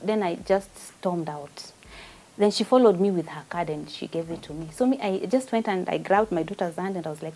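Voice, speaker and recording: A woman's voice: mid-range voice, animated, a little fast, mellow, poor audio. A woman with a Kenyan accent, a guest giving an emotional personal testimony and mixing Swahili with English.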